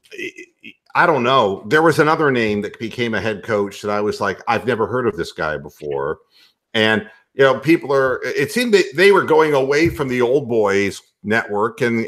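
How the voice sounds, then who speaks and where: A man's voice: mid-range voice, fairly bright tone. A man hosting a casual sports talk show who jokes and rambles, often stammering on his words. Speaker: podcast host.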